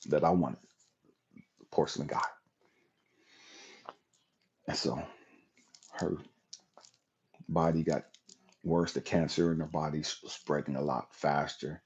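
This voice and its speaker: Husky man telling a raw personal story. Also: extremely low pitch, darkish tone. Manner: raw, profane, emotional storytelling. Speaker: livestream host. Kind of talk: emotional personal testimony.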